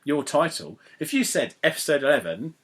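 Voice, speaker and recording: A man's voice: on the high side, very animated, brisk. A young man from England hosting a podcast in casual, rambling, jokey chat that keeps wandering into digressions. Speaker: podcast host.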